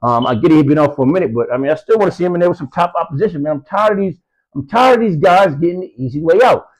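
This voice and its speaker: A man's voice: on the high side, lively intonation, rapid-fire, poor audio. A man giving casual boxing commentary, rambling with lots of fillers and street slang, from the US East Coast. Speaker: boxing news vlogger.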